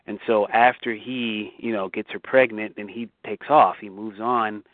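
A man's voice: lowish voice, steady tone, measured pace, no echo. Emphatic man on a tinny phone line. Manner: emphatic, repeats and restarts, rising for rhetorical questions. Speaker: bible study host. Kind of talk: casual discussion on a call.

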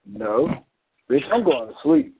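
A man's voice: fairly high pitch, big pitch swings, slow pace, creaky, breathy edge. Blunt, profane man on a phone line. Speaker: caller on a community call. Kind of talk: casual storytelling. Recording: phone-like call audio.

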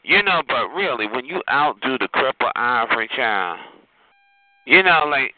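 A man's voice: medium pitch, animated, a little slow, no room sound. A man hosting a phone chat line, mocking a caller with campy taunts and calling him child and honey. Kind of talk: sassy mocking roast. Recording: tinny phone line with hiss.

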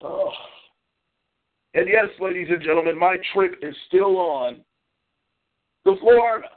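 A man hosting a call-in talk show, ranting with exasperation and swinging between high and low pitch. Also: a little slow. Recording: tinny phone-like line.

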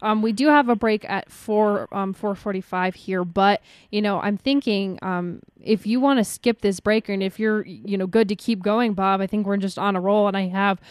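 A woman's voice: mid-range voice, steady tone, moderate pace, few pauses, clear, resonant tone, no echo. A woman interviewer with an everyday mid-range voice and a dry, close sound. She talks in a casual, friendly way, with light laughs and fillers. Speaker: interview host.

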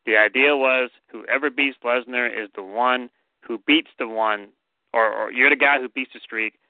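A man's voice: mid-range voice, no echo. Opinionated guy venting about wrestling, phone-quality tinny audio, dry. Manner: blunt, opinionated, swears. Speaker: podcast co-host. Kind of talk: casual wrestling chat.

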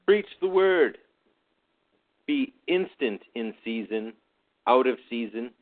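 A man reading scripture aloud in a church service, declaiming it loudly. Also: medium pitch, animated, takes it slowly. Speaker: scripture reader. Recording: phone-like narrow band.

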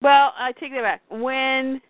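A woman's voice: sits high, fairly even intonation, slow pace, no room sound. A woman co-hosting a podcast, chatting about comics and working through her point with restarts. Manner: chatty, hesitant restarts while making a point. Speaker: podcast co-host. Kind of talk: casual chat about comics. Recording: tinny phone-like dry audio.

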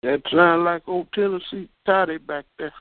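High-voiced mocking man on a dry phone line. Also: moderate pace, no echo. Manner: mocking, laughing, taunting.

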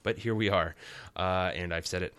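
A man's voice: sits low, steady tone, normal speed, fairly bright tone, clear, resonant tone, no room sound. A man hosting a podcast, giving a casual comic recap with rambling, wry and sarcastic asides. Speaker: podcast host.

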